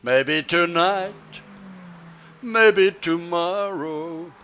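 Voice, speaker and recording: A little hiss or hum sits under this man's high, fairly bright voice as he streams a sim race. Over voice chat he teases his friends, halting often and repeating words as he restarts.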